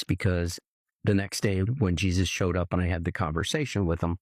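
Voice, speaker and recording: A middle-aged man from California telling a personal story earnestly, haltingly, often repeating words as he remembers. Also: low voice, vocal fry, dry recording. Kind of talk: personal testimony.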